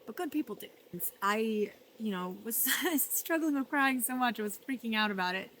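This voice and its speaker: A woman talking earnestly in a personal vlog, emotional and reflective, often dropping softly and laughing between thoughts. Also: fairly high pitch, expressive, normal speed, a little hiss or hum. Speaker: vlogger. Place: art residency.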